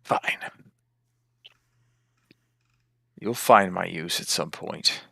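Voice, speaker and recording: A man's voice: low-pitched, unhurried, vocal fry, a bit bright, dry recording, studio quality, full character voice. A man voicing a sinister spirit inside a totem, speaking in a hissing whisper. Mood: condescending.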